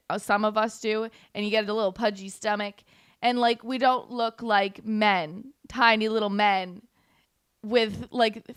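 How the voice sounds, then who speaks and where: A woman's voice: mid-range voice, fairly bright tone, clean tone, dry recording, studio quality. A young woman from Canada, guest hosting a casual political commentary livestream in a sarcastic, giggly, chatty way and talking to viewers in the chat. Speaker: guest host.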